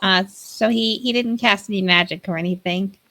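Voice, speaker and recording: A woman's voice: mid-range voice, normal speed, pushed and bright. A woman voicing a kind, fretful woman at a magic school who stammers and repeats her words. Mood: concerned. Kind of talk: tabletop role-play.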